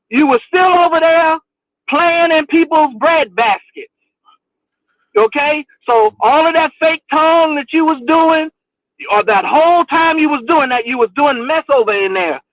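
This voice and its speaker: A man's voice: very high-pitched, moderate pace, no echo. A man calling in on a phone line, scolding in a preachy way. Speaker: caller. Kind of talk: heated call-in rant. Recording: tinny dry phone line.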